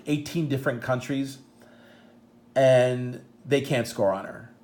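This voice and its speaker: A man's voice: mid-range voice, a little mellow. A middle-aged man with a Midwestern American accent, chatting as a vlog host, rambling and stumbling with emotion. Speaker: channel host and proud dad. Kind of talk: casual chat showing photos.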